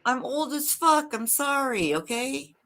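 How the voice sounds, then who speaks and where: A woman's voice: high-pitched, animated, measured pace, noisy background. A woman chatting playfully in casual group chat banter, laughing easily.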